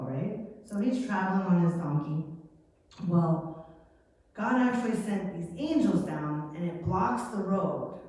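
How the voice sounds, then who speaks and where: A woman teaching a children's Sunday lesson, telling a Bible story in a chatty, animated way. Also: mid-range voice, unhurried. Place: church hall. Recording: echoey hall from far off.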